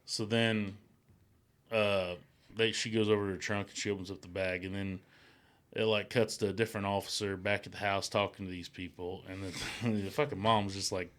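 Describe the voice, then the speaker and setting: A man's voice: lowish voice, level tone, normal speed, a bit bright. A man in a casual podcast chat, rambling through a story with lots of swearing and acted-out quotes. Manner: rambling, acts out quotes in raised voices, swears. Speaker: podcast co-host.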